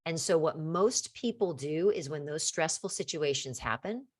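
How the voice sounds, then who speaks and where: A middle-aged woman with a low voice hosts a casual podcast Q&A. She talks in an earnest, encouraging way and often restarts her sentences as she thinks aloud. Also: expressive, normal speed, husky. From California. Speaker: podcast host.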